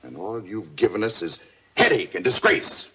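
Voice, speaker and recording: A man's voice: fairly low pitch, sing-song, normal speed, noisy background. An actor playing a stern working father who scolds his daughter, in 1950s TV drama style. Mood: angry. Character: stern hardworking father, fed up.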